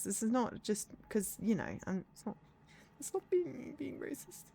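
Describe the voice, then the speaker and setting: A woman's voice: lowish voice, very animated, normal speed, creaky, darkish tone, husky, dry recording. A woman streaming a story game, chatting casually in a sleepy, rambling way, often correcting herself and laughing. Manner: rambling, self-correcting, giggly. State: sleepy, yawning. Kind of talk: casual gameplay commentary.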